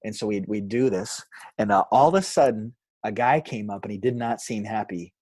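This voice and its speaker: A pastor telling a story in a podcast interview, with animated delivery and quoted voices. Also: male voice, lowish voice, fairly quick, husky, no room sound, clean studio sound. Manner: animated, acts out quoted voices, frequent fillers.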